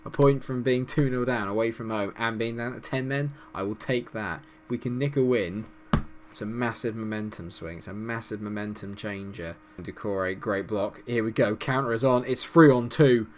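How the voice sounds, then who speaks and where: A man doing live commentary over a football management game, exasperated and swearing, swinging from low mutters to loud outbursts. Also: normal speed, a little hiss or hum. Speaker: gaming commentator.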